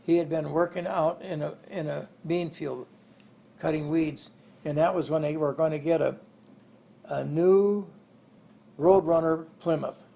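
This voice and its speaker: A man's voice: a little high, fairly even intonation, unhurried, gravelly, dark tone. An older man in an interview, telling rambling family stories and chuckling along the way. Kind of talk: oral history storytelling.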